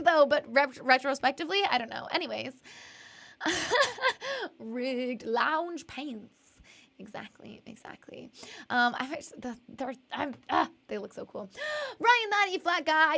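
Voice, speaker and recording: A woman's voice: high voice, sharp tone. A young woman streaming live, chatting casually and rambling, laughing often as she reads out chat messages. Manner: bubbly, giggly, rambling, reads chat aloud.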